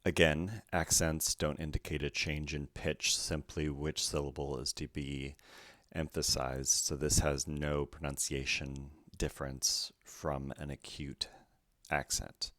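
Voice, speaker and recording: Male tutor, extremely low voice, unhurried and methodical, dry close recording. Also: level tone, fairly bright tone, no room sound. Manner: careful, methodical, spells out each letter. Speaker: Greek language teacher. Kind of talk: slow letter-by-letter pronunciation lesson.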